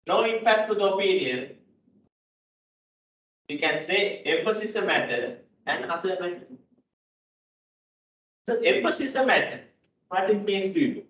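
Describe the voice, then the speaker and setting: A man's voice: high voice, fairly bright tone. A man giving a classroom lecture on accounting, repeating key points and checking in with "right?". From Sri Lanka. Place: lecture hall. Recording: dull, echoey hall audio from a distance.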